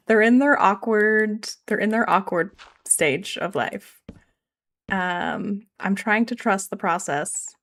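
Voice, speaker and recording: Here she talks slowly in a mid-range, somewhat bright voice. Still building in her game, the Canadian streamer with a regional accent rambles to her live audience and makes self-deprecating remarks.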